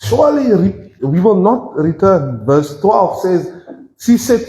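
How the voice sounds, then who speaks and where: A man's voice: sits high, very animated, slow, warm tone, echoey room, rough recording. A South African man preaching a sermon as pastor, joking and acting out voices, laughing often. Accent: South African, switching with Afrikaans. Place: church.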